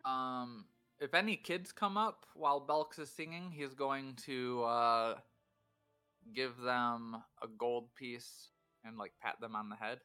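A man's voice: medium pitch, slow, sharp tone, smooth, soft background music. A man playing a tabletop game, casually describing what his character does. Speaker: player.

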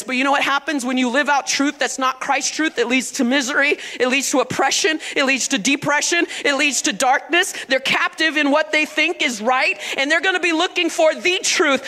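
A woman pastor preaches in a church with a very high voice. Her tone is piercingly bright and forceful. She drives each point home and calls on the congregation to answer back. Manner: emphatic call-and-response preaching. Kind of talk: sermon. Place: church sanctuary.

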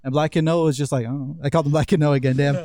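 A young man rattles through a story at a quick clip, swearing freely and acting out everyone's lines. His voice sits a little high. The recording is dry and close. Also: steady tone, mellow, no echo. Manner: fast, profane, acts out voices in quotes. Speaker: podcast co-host. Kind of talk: casual storytelling chat.

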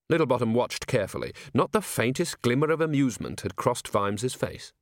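A man narrating an audiobook with expressive, dry comic timing. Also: medium pitch, brisk, few pauses, dry recording.

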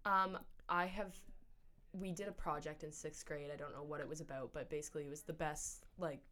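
A woman's voice: sits low, fairly even intonation, brisk, a bit bright. A teenage girl from Canada, chatting casually as the interviewee, with lots of fillers and restarts. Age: teens.

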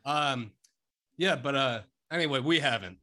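A man playing a tabletop role-playing game, answering in character in a deadpan, hesitant way. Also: medium pitch, normal speed. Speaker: player. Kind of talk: casual tabletop role-play.

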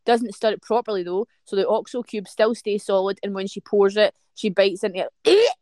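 A woman with a West Coast Scottish accent, co-hosting a podcast and telling sweary, animated stories in casual chat. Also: medium pitch, normal speed, dry recording, clean studio sound. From Scotland. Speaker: podcast co-host.

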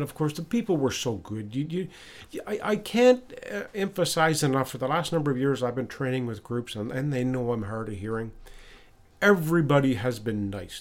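A man hosting a podcast, casually telling a personal story and retelling conversations, often restarting and repeating words. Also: medium pitch. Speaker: podcast host. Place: lives in Ottawa.

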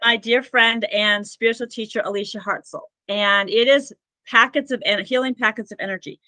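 In a moderately paced, slightly high voice with fairly even intonation, a woman tells rambling, earnest stories as a podcast guest, peppering them with "like." She works as a spiritual healer and Akashic records practitioner, and her tone comes across bright and forceful. The audio is dry and low in quality.

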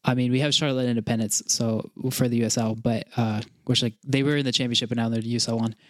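Rambling, excitable young man podcasting. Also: medium pitch, fast, no echo, studio quality. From North Carolina, USA. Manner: rambling, excitable, many restarts and fillers. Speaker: podcast co-host. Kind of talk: casual chat.

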